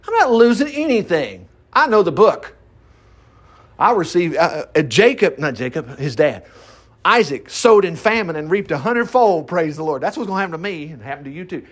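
A man's voice: fairly high pitch, big pitch swings, normal speed. A man preaching an informal Bible-teaching sermon in a folksy way, reading scripture and acting out quotes in mocking voices. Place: farm.

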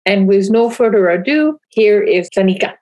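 A woman's voice: medium pitch, animated, normal speed, darkish tone, poor audio. A woman hosting a podcast, introducing her guest and asking questions with enthusiasm. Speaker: podcast host.

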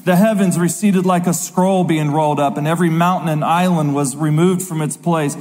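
A man preaching a sermon, reading scripture aloud dramatically with slow, emphatic stresses. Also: on the high side, steady tone, a little mellow. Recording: long reverb of a large hall.

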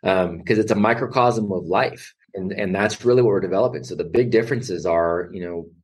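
Middle-aged man, husky, low voice, emphatic storyteller, conversational. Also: brisk. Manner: emphatic, animated, acts out quoted voices. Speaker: podcast guest, educator.

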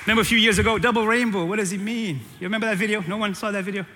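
A pastor with a high, bright voice preaches very fast in a big sanctuary, the long hall reverb ringing around him. His sermon is animated and full of jokes as he teases the congregation and repeats lines for emphasis, with a faint crowd audible.

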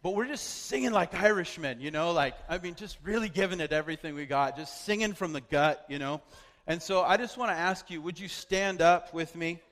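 This preacher, whose voice is on the high side and fairly bright, tells a personal story as a sermon at a fairly quick pace. He talks loosely, with lots of fillers and restarts, in a space with long hall reverb.

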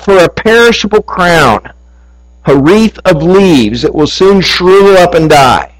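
Man, pastor, sermon, earnest, emphatic, slightly high voice, faint mains hum. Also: lively intonation, measured pace, poor audio. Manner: earnest preaching, rising to emphatic peaks.

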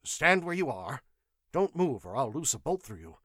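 A man's voice: mid-range voice, huge pitch swings, slow, slightly rough, no room sound, studio quality, voice pushed up, full character voice. A man voicing a nervous male city watchman who talks in a raised, strained voice. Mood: defiant.

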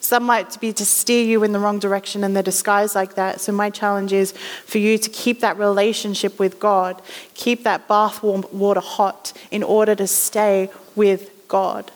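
This guest preacher speaks at normal speed in a medium-pitched voice with little pitch movement. Her sermon is conversational storytelling peppered with acted-out voices, recorded in a reverberant hall.

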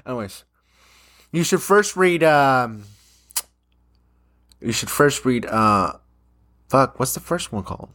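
A man's voice: medium pitch, lively intonation, slow, long pauses, a bit bright. A young man, rambling casually to camera, swearing often and trailing off into fillers. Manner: rambling, swears a lot, many fillers and restarts. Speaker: vlogger.

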